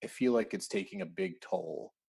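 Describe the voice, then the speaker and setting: A man's voice: deep voice, normal speed, gravelly, a little mellow, breathy edge. Reflective man, podcast guest. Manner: reflective, hesitant, many fillers. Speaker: podcast guest, company founder. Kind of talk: casual interview.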